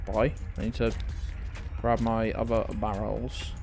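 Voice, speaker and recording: A man's voice: on the low side, flat delivery, slow, gravelly, darkish tone, faint music behind. A man streaming a game, chatting casually, swearing freely and answering his chat. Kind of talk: casual gameplay commentary.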